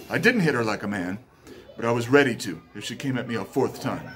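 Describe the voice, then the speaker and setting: A man hosting his channel, telling a personal story in a lively monologue and acting out the dialogue. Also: mid-range voice, fast talker. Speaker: channel host.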